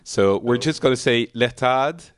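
A man's voice: medium pitch, measured pace. A man with a French accent hosting a casual online round-table chat, joking often, with many fillers and restarts. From France. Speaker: podcast host.

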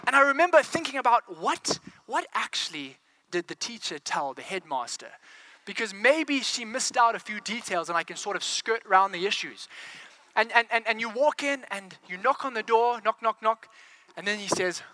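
High, bright-voiced fervent male preacher. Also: expressive, moderate pace, slight background noise. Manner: fervent, rhetorical questions to the congregation; repeats words as he builds momentum. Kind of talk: sermon.

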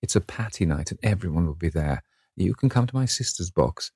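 A man voicing a witty, cynical aristocratic gentleman in an urbane, measured manner. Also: low-pitched, expressive, breathy edge, no echo, clean studio sound, exaggerated voice. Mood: grave. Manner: urbane, epigrammatic.

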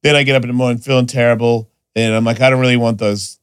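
A man in his forties, a podcast host, telling stories in crude, animated casual chat with loud voiced quotes. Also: mid-range voice, fast, smooth, no room sound, clean studio sound.

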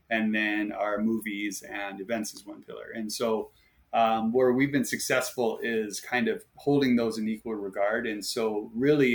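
A man from Hawaii who works on a ranch, chatting casually in an interview and telling stories with relaxed, frequent fillers. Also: on the low side. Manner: storytelling, lively when amused. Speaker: ranch staff guest.

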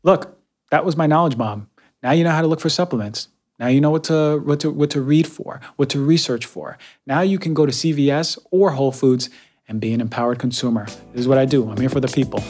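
A young adult man talking casually while reviewing health products, energetic and conversational, often using fillers and repeating words. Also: mid-range voice, fairly quick, faint music behind. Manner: frequent fillers like um and right. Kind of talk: casual monologue.

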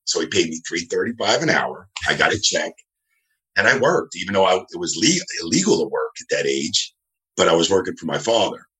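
A man's voice: deep voice, big pitch swings, brisk, bright, forceful tone. A man, a referee telling rambling anecdotes from home over a video call and acting out the voices of the people he quotes. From New Jersey, USA. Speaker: wrestling referee, guest. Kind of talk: casual interview storytelling. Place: his home.

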